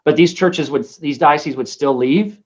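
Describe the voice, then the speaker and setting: A man's voice: a little high, normal speed, lo-fi sound. A man, a bishop, teaching a class in a conversational way, full of ums and anecdotes, over a video call. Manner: conversational, many ums and restarts. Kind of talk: informal lecture with anecdotes.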